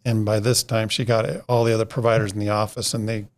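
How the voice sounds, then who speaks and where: This middle-aged podcast guest talks fast in a lowish voice with flat delivery. He tells a long, rambling story in casual conversation, quoting the other people involved to act out their exchanges.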